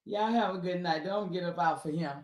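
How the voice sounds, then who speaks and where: A woman's voice: on the low side, fairly quick, reverberant. A woman, speaking to listeners on a video call in a casual, heartfelt, preachy way and repeating herself for emphasis. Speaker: speaker at an online symposium.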